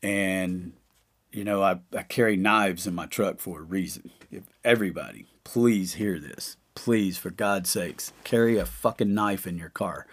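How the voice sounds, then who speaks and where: A man's voice: sits low, slightly rough. A middle-aged man hosting a podcast, telling stories in a rambling, profane, casual way full of fillers. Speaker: podcast host. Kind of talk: casual storytelling monologue.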